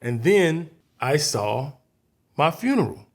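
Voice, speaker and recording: A man's voice: on the high side, sing-song, slow pace. A man from Chicago, a guest comedian, telling a story in a casual interview, acting out scenes and voices vividly.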